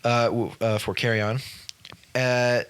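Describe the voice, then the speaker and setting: A man's voice: mid-range voice, little pitch movement, unhurried, fairly bright tone, clear, resonant tone. A man co-hosting a casual podcast, reading his award picks and talking loosely, often stumbling over names and apologizing. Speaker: podcast co-host. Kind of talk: casual chat.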